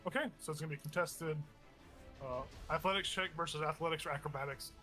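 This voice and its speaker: A man's voice: a little high, fast talker, pushed and bright, faint music behind. A man acting as game master, explaining the rules at length with many fillers. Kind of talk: running a tabletop game.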